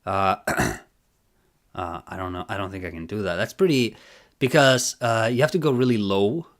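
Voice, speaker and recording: A man's voice: lowish voice, moderate pace. A man with a nasal voice streaming a live reaction, chatting casually in a rambling, giggly, self-deprecating way.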